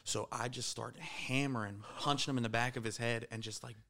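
A man's voice: mid-range voice, steady tone, a little fast, creaky, bright, forceful tone, a little hiss or hum. A man in his thirties from the Pittsburgh area, telling rowdy, profane stories as a guest in a casual podcast chat. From Pittsburgh area, USA.

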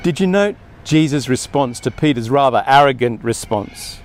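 A man's voice: mid-range voice, animated, moderate pace, few pauses. A man preaching a sermon in an earnest way, often acting out quoted speech with more emphasis.

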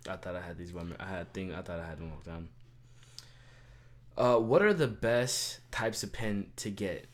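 Low-voiced young man, playful chatter. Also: normal speed. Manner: playful, rambling, mock-indignant. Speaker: podcast co-host. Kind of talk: casual chat.

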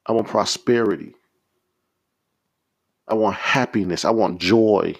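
A man's voice: on the low side, a little slow, creaky, husky. A man preaching a podcast sermon, leading prayers in a fervent, repetitive, exhorting way.

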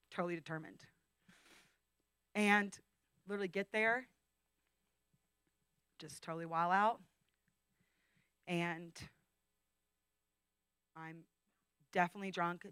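Female guest speaker, 30s, emotional testimony with hushed and loud moments, slightly low voice, dry close sound. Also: clear, resonant tone, no echo, poor audio. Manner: intimate, emotional storytelling, swinging from hushed whispers to loud outbursts. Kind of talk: testimony talk. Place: training school session.

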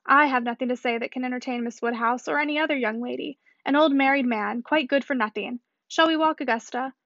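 Sneering older husband, read by a woman, brisk, dry slightly dull sound. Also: high-pitched, fairly bright tone, dry recording. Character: sneering older married man. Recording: slightly muffled dry recording.

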